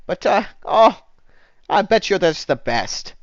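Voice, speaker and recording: A man's voice: high voice, very animated, slow, no echo, dull audio, voice pushed up, full character voice. Man doing a cooing tavern lady. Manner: cooing, calls everyone dearie and honey. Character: motherly female tavern keeper, sweet and fussy.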